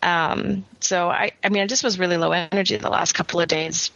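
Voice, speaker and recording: Gravelly-voiced woman losing her voice. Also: on the low side, fairly even intonation, a little fast, a bit bright, muffled recording. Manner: chatty, with frequent restarts and laughs. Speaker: podcast co-host. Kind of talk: casual chat.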